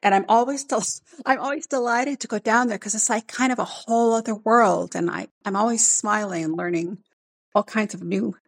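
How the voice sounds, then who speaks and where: A woman scientist chatting casually, animated and quick to laugh, often restarting her words. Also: medium pitch, dry recording. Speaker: scientist guest. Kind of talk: casual conversation. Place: home in Northern Kentucky.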